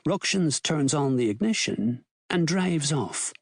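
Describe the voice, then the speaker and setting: A man narrating an audiobook thriller with measured, expressive storytelling. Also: fairly high pitch, creaky, dry recording, studio quality. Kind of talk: scripted narration.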